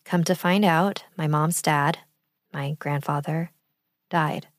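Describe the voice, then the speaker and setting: A young woman from the East Bay in California, calmly and reflectively recounting a personal story in first-person narration. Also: deep voice, slow pace, no room sound, studio quality. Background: background music.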